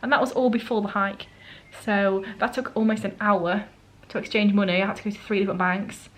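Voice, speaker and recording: A woman's voice: mid-range voice, steady tone, brisk, low-quality recording. Woman vlogger rambling about her trip day, chatty and a bit self-mocking, talks to camera. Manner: chatty and self-mocking, acting out what people said. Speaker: travel vlogger. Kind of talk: casual storytelling to camera. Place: holiday rental flat.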